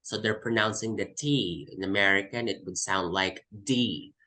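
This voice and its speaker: A man's voice: on the low side, normal speed, bright, forceful tone, poor audio. A man from the Philippines, teaching an English test class and explaining by repeating example words. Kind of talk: online class lesson.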